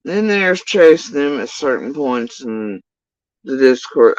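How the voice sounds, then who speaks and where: A man's voice: medium pitch, big pitch swings, takes it slowly, no room sound, poor audio. Man ranting, profane and rambling. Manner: profane, rambling, exasperated storytelling. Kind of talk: casual true-crime commentary rant.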